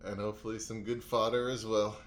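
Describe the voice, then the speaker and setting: A man's voice: lowish voice, little pitch movement, fairly quick, a little hiss or hum. A man co-hosting a podcast in casual, joking chat, recorded outdoors at dinner. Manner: joking, teasing. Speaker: podcast co-host. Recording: guitar music behind the voice.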